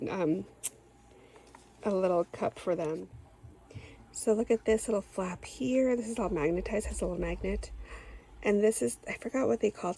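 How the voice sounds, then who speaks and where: A woman's voice: mid-range voice, dark tone, a little hiss or hum, rough recording. Gushing woman unboxing craft goodies. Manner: gushing, gasping, says "oh my gosh" often. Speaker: craft channel host. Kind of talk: unboxing a craft swap package.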